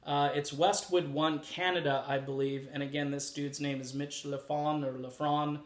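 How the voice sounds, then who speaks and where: A man's voice: level tone, moderate pace. A man hosting a music commentary channel, talking casually and with opinions, and adding sarcastic asides. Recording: echoey room with faint rumble.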